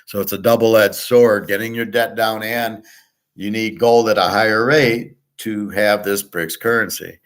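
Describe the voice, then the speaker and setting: A man's voice: fairly low pitch, fairly even intonation, measured pace, a bit bright. A man delivering a blunt, profane monologue about markets, restarting and trailing off often. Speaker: sports betting and markets commentator. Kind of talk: ranting monologue.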